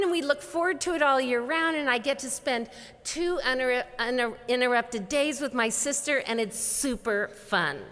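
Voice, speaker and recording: Animated woman speaking in a large hall. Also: on the high side. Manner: animated storyteller acting out dialogue. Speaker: conference speaker. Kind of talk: motivational keynote talk. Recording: long reverb of a large hall.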